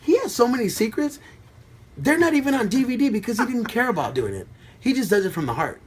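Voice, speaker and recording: Animated middle-aged man telling stories. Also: extremely high pitch, fast talker, a little hiss or hum. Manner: animated, excited retelling with quoted voices. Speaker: dancer. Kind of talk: casual storytelling.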